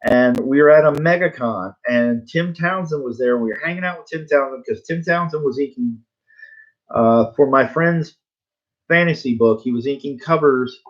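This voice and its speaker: A man's voice: medium pitch, normal speed, muffled recording. Laid-back man telling a rambling story. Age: 40s. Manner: laid-back, tongue in cheek; rambling, full of fillers, laughs at himself. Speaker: comic book artist. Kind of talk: casual storytelling to viewers.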